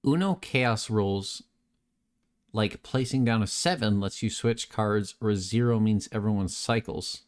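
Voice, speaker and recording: A young man with a fairly low voice hosts a relaxed late-night stream. He rambles and jokes, reading chat messages aloud and answering them in a casual, unpolished way. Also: unhurried. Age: young adult.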